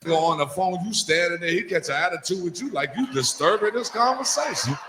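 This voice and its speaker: A brash male stand-up comic with a high voice, firing off profane stories and sudden impressions. He is recorded live in an echoey club. A crowd murmurs under every line. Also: animated, noisy background. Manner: brash, profane storytelling with quick put-on voices. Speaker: stand-up comedian. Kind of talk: stand-up comedy set. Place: comedy club stage.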